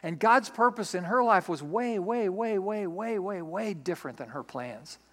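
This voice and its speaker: A man preaching a sermon, animated, acting out little scenes and repeating key lines for emphasis. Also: high-pitched, moderate pace. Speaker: pastor.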